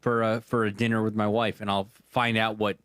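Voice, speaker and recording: A man's voice: fairly low pitch, level tone, fairly quick, a bit bright, clear, resonant tone, dry recording. Easygoing male podcast co-host. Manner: easygoing, hesitant with fillers. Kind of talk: casual banter.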